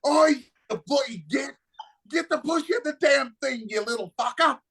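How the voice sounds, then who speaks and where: A man's voice: very high-pitched, measured pace, creaky, fairly bright tone, pitched above the performer's own voice, exaggerated voice. A man putting on a brash, profane Cockney accent to play a rowdy drunk older Englishman. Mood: taunting.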